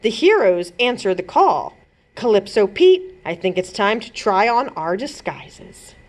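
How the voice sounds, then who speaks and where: A woman's voice: medium pitch, big pitch swings, unhurried. A woman voicing a curious young princess in a storybook read-aloud, with a thoughtful, wondering manner.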